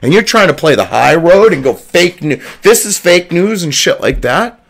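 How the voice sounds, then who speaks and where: A man's voice: fairly high pitch, very animated, normal speed, vocal fry. A man delivering angry, profane commentary, hurling heated insults. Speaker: online news commentator.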